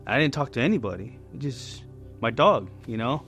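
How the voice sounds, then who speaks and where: A man's voice: mid-range voice, animated, normal speed, fairly bright tone, faint music behind. A man in his forties giving a candid, conversational personal testimony at church. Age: 40s. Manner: candid and conversational, many fillers.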